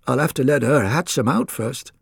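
A man's voice: medium pitch, lively intonation, moderate pace, gravelly, husky, dry recording, clean studio sound. A man doing a weary, down-on-his-luck farmer. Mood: glum. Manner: weary, resigned. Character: poor, gloomy middle-aged farmer.

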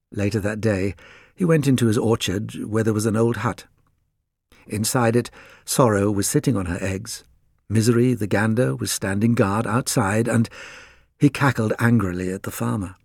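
A man reading a children's storybook aloud in an expressive, lively storytelling manner. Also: on the low side, moderate pace, vocal fry, dry recording, studio quality. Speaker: audiobook narrator.

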